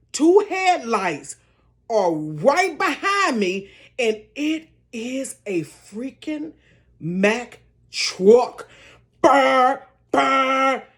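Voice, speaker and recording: An older woman telling a dramatic story from her bedroom, talking straight to her viewers in a casual, expressive way. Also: fairly high pitch.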